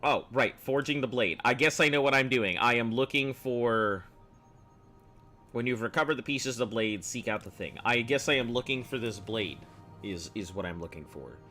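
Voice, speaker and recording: A man streaming a game, thinking aloud and reading on-screen text in a casual, rambling way, with a slightly rough, throaty voice from clearing his throat often. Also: mid-range voice, normal speed, sharp tone, faint music behind. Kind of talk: casual gameplay commentary.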